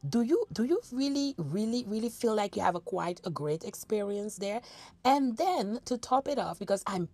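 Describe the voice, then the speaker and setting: A woman's voice: medium pitch, expressive, moderate pace, a little mellow, dry recording. A woman giving sarcastic, scolding reaction commentary on video clips, mocking and challenging the person she watches.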